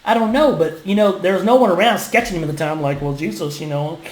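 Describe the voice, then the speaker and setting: A vlogger, delivering an impassioned, emphatic opinion rant that swings between loud and hushed. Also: mid-range voice, expressive, quick pace. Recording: echoey room.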